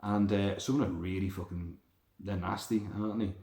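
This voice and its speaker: A man hosting a podcast, talking in a rambling, sweary, animated monologue. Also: low voice, normal speed. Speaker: podcast host. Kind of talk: casual monologue. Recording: roomy echo.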